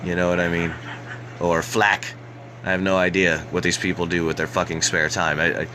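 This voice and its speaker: Deep-voiced man ranting sarcastically. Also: level tone, pushed and bright, a little hiss or hum, low-quality recording. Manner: sarcastic, mocking, halting restarts. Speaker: host of a political rant show. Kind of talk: live-stream rant.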